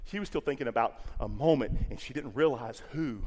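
A pastor preaching an Easter sermon, swinging from hushed lines to loud, repeating phrases for emphasis. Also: male voice, mid-range voice, fairly quick, in a large hall. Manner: impassioned, swinging from quiet to loud, repeating words. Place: church sanctuary.

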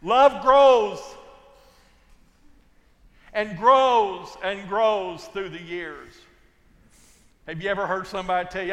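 An older man preaching a sermon, telling folksy stories and swinging from loud to hushed. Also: high-pitched, slow pace, pauses often, in a large hall. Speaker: pastor.

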